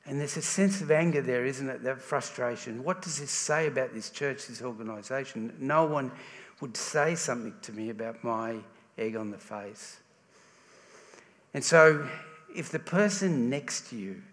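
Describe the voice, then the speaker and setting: A man's voice: medium pitch, fairly bright tone. An Australian man giving a sermon in a conversational way, often restarting his sentences. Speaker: preacher. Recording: reverberant church hall.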